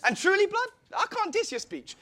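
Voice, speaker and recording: A man shouting rap battle lines in a tag-team verse. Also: extremely high pitch, wildly swooping pitch, moderate pace. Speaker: battle rapper.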